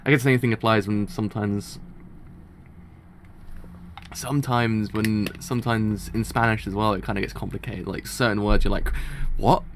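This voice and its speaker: A man's voice: lowish voice, steady tone, moderate pace, long pauses, a little hiss or hum. A man hosting a live comic reaction, chatting casually and rambling with frequent restarts and laughs. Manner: rambling, self-interrupting, laughs often.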